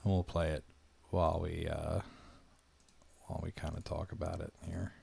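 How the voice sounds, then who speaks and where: A man's voice: low-pitched, flat delivery, moderate pace, creaky, darkish tone, slightly rough. A man hosting a casual livestream, offhand and trailing off into mumbles. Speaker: streamer host.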